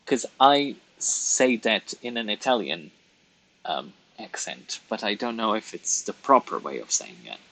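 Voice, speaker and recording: A man's voice: fairly low pitch, big pitch swings, measured pace, gravelly, fairly bright tone, poor audio. A man chatting casually with his viewers while colouring on a live stream, rambling and laughing at himself.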